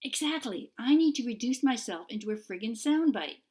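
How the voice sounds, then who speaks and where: A woman's voice: on the high side, expressive, normal speed, darkish tone, slightly rough, voice pushed up. Audiobook role: an earnest young witch, read by a woman, insistent and pleading. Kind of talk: audiobook character voice.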